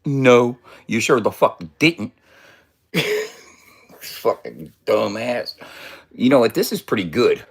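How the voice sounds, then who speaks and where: A man's voice: medium pitch, very animated, takes it slowly, creaky, pauses often, slightly rough. A man in his fifties talking casually in a loose, profane, boastful way and laughing often. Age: 50s. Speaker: vlogger. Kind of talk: casual rambling vlog.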